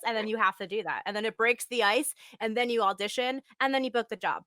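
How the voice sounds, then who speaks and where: Over a video call, a young podcast host and acting coach conducts a live interview, gushing with bubbly energy and frequent laughter. She talks quickly with few pauses, her medium-pitched voice pushed and bright, and there's no echo.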